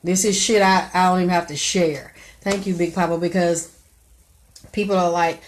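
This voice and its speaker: A middle-aged woman hosting a live stream, giving blunt, profane advice in a preachy way, breaking now and then into loud exclamations. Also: lowish voice, steady tone, moderate pace.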